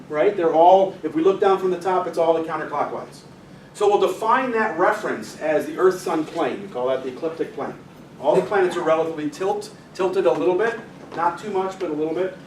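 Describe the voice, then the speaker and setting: Chatty male teacher in an echoey room. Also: a little high. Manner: chatty, directs helpers, jokes with the audience. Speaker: physics teacher giving a club talk. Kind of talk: informal astronomy lecture with a live demonstration. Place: meeting room with an audience. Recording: echoey room, mic far off, faint noise.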